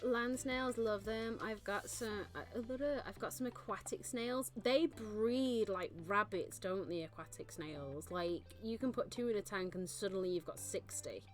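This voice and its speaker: A woman's voice: medium pitch, unhurried, few pauses. A woman chatting casually on a live stream, gushing and laughing often. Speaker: vtuber streamer. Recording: faint background music.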